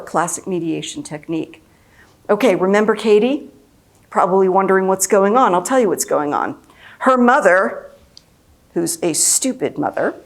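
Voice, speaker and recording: A woman in her fifties, a mediator giving a conference lecture, speaking emphatically and repeating key phrases. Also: mid-range voice. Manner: emphatic and repetitive, acts out quoted speech.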